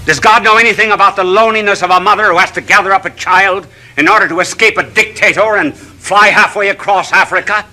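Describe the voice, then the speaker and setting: A man's voice: high voice, fairly even intonation, fast, hardly any pauses, sharp tone, poor audio. A man, a bishop, giving a televised sermon in a studio, orating through long runs of rhetorical questions.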